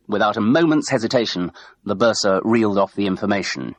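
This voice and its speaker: A man narrating an audiobook with steady, expressive storytelling. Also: fairly low pitch, brisk. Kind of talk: scripted narration.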